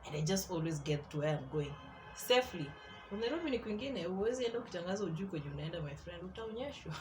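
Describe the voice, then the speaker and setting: A young woman with a Kenyan accent, telling stories in a casual vlog in an animated way, mixing in Swahili slang and laughing often. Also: on the low side, quick pace, background noise. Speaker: artist and vlogger.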